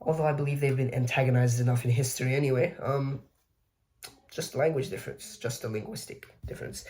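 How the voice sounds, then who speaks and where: With a warm tone and medium pitch, this man talks a little fast while hosting a video essay. It's a casual educational explainer, peppered with chatty self-deprecating remarks and sentences he often corrects partway through.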